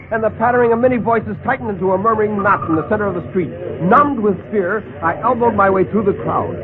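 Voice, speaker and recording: A man narrating a hardboiled first-person story in 1940s radio storytelling style. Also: sits high. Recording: tinny old radio broadcast with faint hiss.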